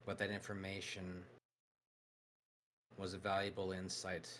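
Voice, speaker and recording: A man voicing a solemn, steadfast male robot warrior who speaks in a grave, measured, earnest way. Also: low-pitched, monotone, fairly bright tone, a little hiss or hum.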